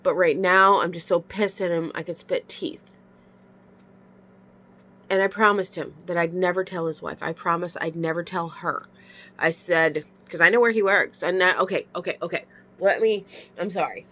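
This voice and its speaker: A woman pours out her frustrations in a casual confessional vlog, her nose stuffy from crying. Her voice is bright and sharp-edged. She talks frankly, with frequent sighs. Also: lowish voice, fairly even intonation, normal speed. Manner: emotional, frank venting with sighs. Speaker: vlogger.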